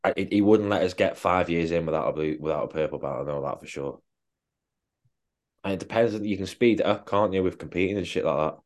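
Deep-voiced blunt man. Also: a little fast. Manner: blunt, swears constantly. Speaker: podcast co-host and fitness coach. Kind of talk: casual chat.

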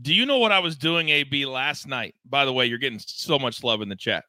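A man's voice: medium pitch, lively intonation, a little fast, sharp tone, no room sound. A man hosting a live sports betting show, talking in a hyped, emphatic, promotional way. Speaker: host.

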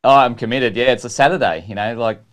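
A man's voice: medium pitch, quick pace, a bit bright. A man with an Australian accent hosting a casual interview podcast, joking and laughing at his own bad jokes. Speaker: podcast host.

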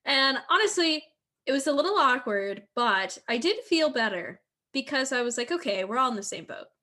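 A woman's voice: sits high, very animated, moderate pace, sharp tone. Young woman from philly, laughy and rambly, telling stories on a podcast. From Philadelphia area. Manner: laughing, rambling anecdotes with quoted dialogue. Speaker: podcast co-host. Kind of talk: casual chat.

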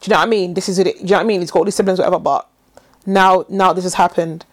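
A woman co-hosting a podcast, talking in a quick, slangy, emphatic way. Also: fairly low pitch, steady tone. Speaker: podcast co-host. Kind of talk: casual chat.

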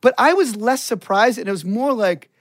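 A man's voice: very high-pitched, lively intonation, normal speed, no echo. A man telling a crude story in casual conversation, his voice swinging widely up and down. He swears freely and laughs through his own words. The sound is close and dry. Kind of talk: casual chat.

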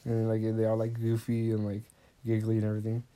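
Rambling young man with a low, dark voice. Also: completely flat delivery, brisk. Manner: rambling, swears a lot, quotes characters. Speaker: podcast host. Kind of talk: casual movie recap.

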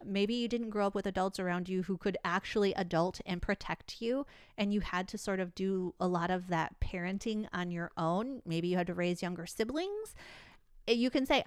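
A woman's voice: medium pitch, clear, resonant tone, dry recording, clean studio sound. A woman in casual podcast chat, walking through self-help techniques and laughing easily. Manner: explains coping techniques with easy laughter.

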